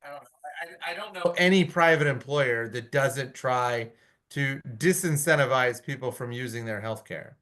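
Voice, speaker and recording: A man on a town committee arguing his point in a meeting, animated and blunt, with frequent restarts. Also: medium pitch, moderate pace. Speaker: committee member. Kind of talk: meeting discussion.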